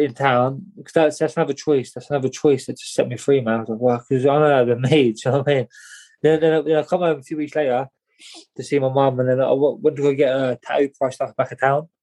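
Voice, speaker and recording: A man's voice: medium pitch, a little mellow, rough recording. A young man, telling a story as an interview guest in a rambling, slangy way, often repeating his words. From England. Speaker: guest, boxer.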